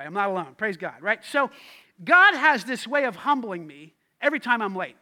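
A man, the lead pastor, preaching a lively sermon, acting out quoted voices and shouting in bursts. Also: extremely high pitch.

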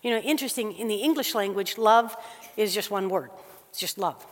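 A woman preaching a sermon to a church gathering, moving between soft, slow passages and loud, quick bursts. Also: mid-range voice. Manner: animated, swings from soft and slow to loud and fast. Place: church hall. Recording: long hall reverb.

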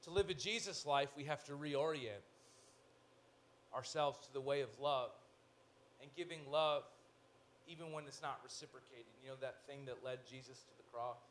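A male pastor preaching a sermon in an animated way, with joking asides, swinging from loud to hushed. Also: medium pitch, normal speed, a little hiss or hum.

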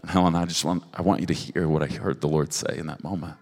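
A man giving personal prophetic words to a couple at a church service, halting and earnest, with frequent restarts. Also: extremely low pitch, steady tone, faint music behind. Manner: halting, with restarts and soft asides. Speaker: prophetic minister. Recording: long hall reverb.

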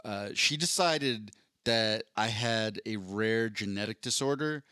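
A man's voice: lowish voice, slow pace, bright, forceful tone, clear, resonant tone, no echo, studio quality. A man co-hosting a podcast in casual chat, rambling through stories with a self-deprecating, jokey manner. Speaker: podcast co-host.

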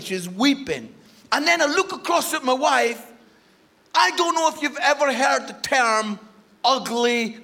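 A Scottish man in his forties, a guest preacher telling a funny personal story in a sermon and acting out the dialogue. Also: very high voice. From Scotland. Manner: animated, humorous, acts out dialogue.

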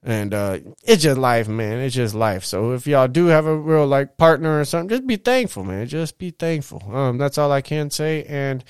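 A man's voice: mid-range voice, normal speed, hardly any pauses, clear, resonant tone, no room sound, studio quality. A man hosting a podcast, telling his own story in a candid, rambling way, swearing often and ending lines with "man". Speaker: podcast host. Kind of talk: casual monologue.

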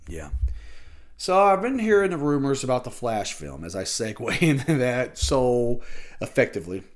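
A man hosting his own podcast, talking casually and ranting bluntly with lots of swearing. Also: mid-range voice. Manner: loose and conversational with fillers. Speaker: podcast host. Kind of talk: casual solo podcast chat.

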